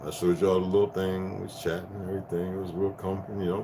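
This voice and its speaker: A man in his fifties giving a rambling spiritual rant to his viewers, profane and preachy, swinging from loud bursts down to hushed tones. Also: low-pitched, flat delivery, quick pace, hardly any pauses, heavy background noise. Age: 50s. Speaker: vlogger.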